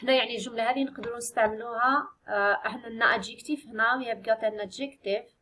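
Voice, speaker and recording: High-voiced Algerian teacher woman. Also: steady tone, sharp tone, poor audio. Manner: spells and counts out answers slowly for students. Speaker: English teacher. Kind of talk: exam review lesson, code-switching with Arabic.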